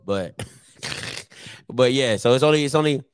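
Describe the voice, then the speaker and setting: A man's voice: medium pitch, unhurried, smooth, no echo, clean studio sound. A man in his thirties hosting a sports picks show, ranting casually to camera with slang and laughing asides. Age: 30s.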